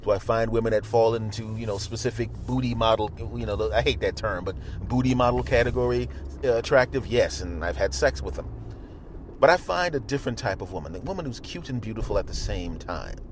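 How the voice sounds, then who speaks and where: A man hosting a podcast, telling rambling, absurd comic stories in a deadpan way while driving his car. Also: fairly low pitch, brisk, slight background noise. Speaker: podcast host. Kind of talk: comedic storytelling monologue.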